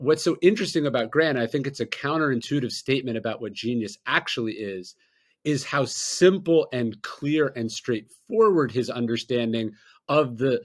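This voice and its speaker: Male podcast host, mid pitch, calm and measured storyteller. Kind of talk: podcast interview.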